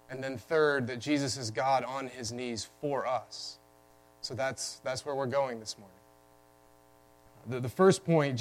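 A man's voice: medium pitch, rough recording. A man preaching a sermon as pastor, explaining a scripture text emphatically with frequent restarts.

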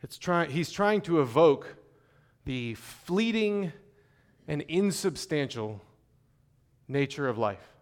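Man preaching a measured sermon. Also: fairly high pitch, lively intonation. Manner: measured, conversational preaching with frequent fillers and restarts; slows and stresses key phrases when reading scripture. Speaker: pastor.

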